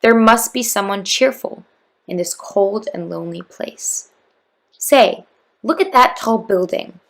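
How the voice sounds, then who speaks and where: A woman reading aloud, voicing a cheerful, caring male court jester in a storybook who speaks gently and coaxingly. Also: mid-range voice, a little slow, gravelly. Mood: gentle coaxing.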